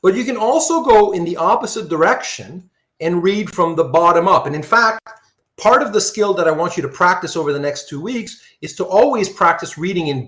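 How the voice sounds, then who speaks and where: Animated man lecturing in an echoey room. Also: fairly high pitch. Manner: animated, often asks "right?". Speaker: philosophy lecturer. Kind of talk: online class lecture.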